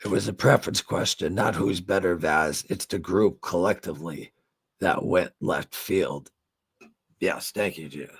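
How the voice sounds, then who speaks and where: A middle-aged man with a low, breathy-edged voice talks a little slowly as he hosts a livestream. His chat with viewers is loose and rambling, packed with fillers and free swearing.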